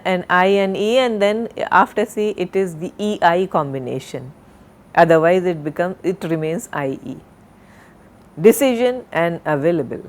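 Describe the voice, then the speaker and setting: Slow, deliberate woman lecturer. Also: mid-range voice. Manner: slow, deliberate, spells out and repeats words. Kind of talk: recorded university lecture.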